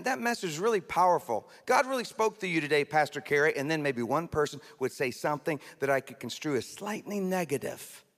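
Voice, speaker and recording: A male pastor delivers a sermon in a slightly high voice, talking to the congregation in an animated, conversational way with playful asides. His voice rings out with a long reverb tail, as if heard in a large church sanctuary.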